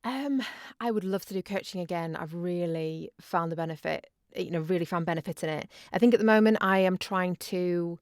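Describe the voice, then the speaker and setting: A woman's voice: on the low side, brisk, few pauses, darkish tone, no echo, studio quality. A woman co-hosting a podcast, reacting with sympathy and chatting casually. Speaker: podcast co-host. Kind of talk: casual chat.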